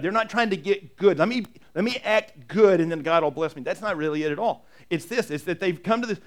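Pastor, male, slightly high voice, talky sermon delivery with restarts and rhetorical questions. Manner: conversational preaching with repetitions and rhetorical questions.

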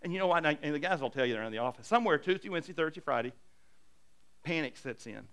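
A middle-aged man preaching a sermon as a pastor, animated and self-deprecating, swinging between hushed and loud. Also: on the high side, racing, smooth.

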